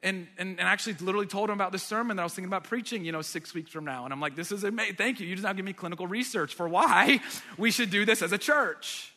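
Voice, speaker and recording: A man preaching a sermon as pastor, emphatic and energetic, building to loud declarations. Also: high-pitched, racing, big-room sound. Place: church sanctuary.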